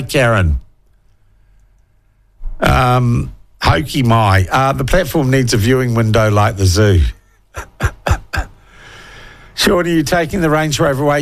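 A New Zealand man hosting talk radio in a middle-pitched voice. He talks bluntly and with open sarcasm, swears without hesitating, and reads listener messages aloud between his own remarks. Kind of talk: opinionated talk radio monologue.

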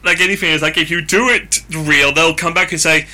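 A man hosts a casual interview, circling around his questions with many fillers. His voice sits fairly high for a man and has a very bright, sharp edge. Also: fairly even intonation, a little fast. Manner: rambling, searching for words, many fillers.

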